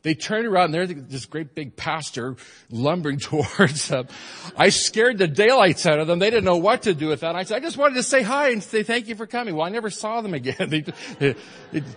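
A middle-aged man preaching a sermon as pastor, conversational and animated, asking his congregation questions and laughing often. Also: high voice, a little fast, big-room sound. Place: church.

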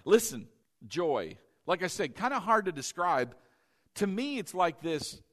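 Lively, bright-voiced preaching man. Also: high voice, unhurried. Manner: animated, shifts between loud exclamations and soft teaching; calls for congregation responses. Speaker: pastor. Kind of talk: sermon.

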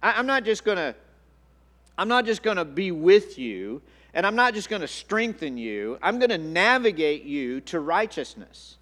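A man preaches to his congregation in an earnest, searching way, often doubling back on his words. His voice sits a little high for a man. The sound carries a long reverb, as in a church sanctuary. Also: sing-song, normal speed, fairly bright tone. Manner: earnest, repeats words, restarts phrases. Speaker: pastor. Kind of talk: sermon.

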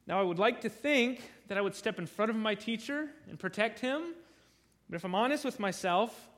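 Earnest high-voiced male preacher. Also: fairly bright tone. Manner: earnest, repeats words when starting sentences. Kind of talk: sermon.

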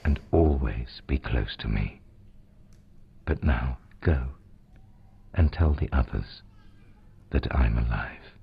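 A man voicing a kind, gentle male savior who speaks softly in a storybook reading. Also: very slow, vocal fry, breathy edge, full character voice. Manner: soft, gentle, low. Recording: dull lo-fi recording.

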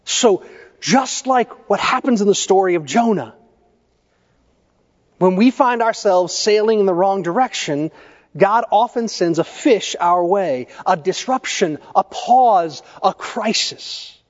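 A male pastor preaching a sermon, telling stories in a measured way and putting questions to the congregation. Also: sits high, lively intonation. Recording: echoey church hall, dull lo-fi sound.

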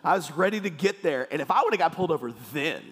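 A man preaching a sermon with playful, animated storytelling in a church hall. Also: a little high, fast, breathy edge. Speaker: pastor. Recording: echoey hall.

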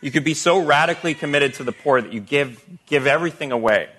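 A man's voice: a little high, fast talker, fairly bright tone, a little hiss or hum. A man preaching a sermon as a pastor, talking casually and asking the listeners rhetorical questions. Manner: conversational teaching with rhetorical questions.

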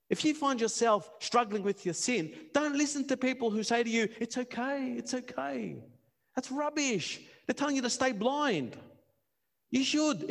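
A man preaching a passionate sermon, repeating words and building to near-shouts. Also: very high voice. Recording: long reverb of a hall.

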